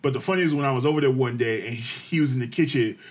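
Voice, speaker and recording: A man co-hosting a podcast, telling family stories in a casual, animated way, swearing freely and laughing often. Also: mid-range voice, fast. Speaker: podcast co-host. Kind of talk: casual chat.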